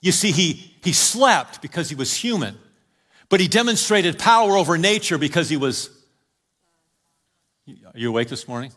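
A man preaching a sermon, telling stories to the congregation and urging them on, with sudden loud calls and quiet drops. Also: a little high, animated, normal speed, long pauses, in a large hall. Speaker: pastor.

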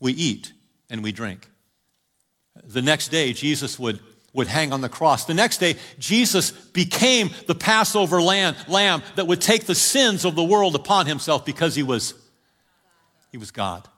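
A man preaching a sermon, telling stories to the congregation and urging them on, with sudden loud calls and quiet drops. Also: fairly high pitch, animated, measured pace, big-room sound. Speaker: pastor.

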